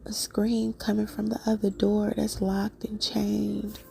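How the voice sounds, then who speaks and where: A woman telling a dream in a soft, unvoiced whisper with many fillers, as a whispered vlog. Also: mid-range voice, monotone, unhurried, gravelly. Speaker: vlogger.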